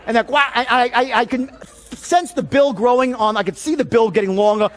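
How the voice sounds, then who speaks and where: A man with a high voice gives a live sales seminar. He tells stories in an animated, profane way, jumping from loud bursts to low, confiding asides. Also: normal speed, a faint crowd. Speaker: sales and persuasion trainer.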